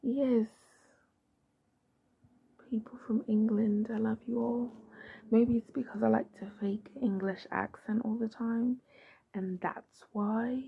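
A woman hosting a podcast in a casual chat. She talks softly and rambles, often dropping into a half-whisper. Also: a little high, steady tone, slow pace, vocal fry, slightly rough, phone-quality sound. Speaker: podcast host.

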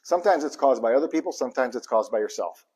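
Preacher, male, husky and a bit breathy, impassioned, chuckles between points. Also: medium pitch, lively intonation, fast. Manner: impassioned preaching, swings from hushed to loud bursts; chuckles between points, repeats lines for emphasis. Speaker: pastor. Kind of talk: live sermon.

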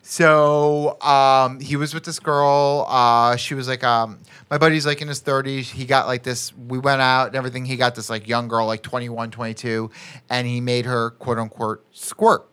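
A man co-hosting a podcast in casual chat, crude and animated as he tells stories. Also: medium pitch, moderate pace, smooth. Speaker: podcast co-host.

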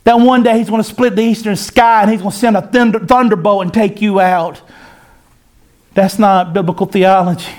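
A man preaching a sermon to his church, fervent and repetitive, with folksy phrasing and sudden loud bursts. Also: high voice. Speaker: pastor.

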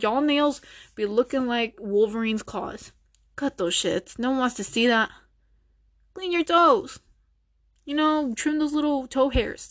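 A young woman rants on her own show in a slightly high voice. She is blunt and foul-mouthed, mocking her listeners in loose, casual talk. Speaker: podcast host. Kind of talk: ranting casual monologue.

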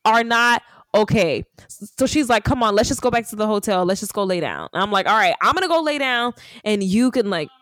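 A woman's voice: mid-range voice, fairly quick, no echo. A woman podcast host telling a story in casual chat, acting out what people said, with lots of "like". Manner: animated storyteller acting out quotes, frequent "like".

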